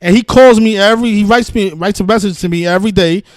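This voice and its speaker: A man with a high voice rants on a live stream, combative and full of curses, tripping over restarts as he talks. The sound is dry and close, with no room around it. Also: fast, no room sound. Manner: combative, cursing, repetitive restarts. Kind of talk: heated live-stream rant.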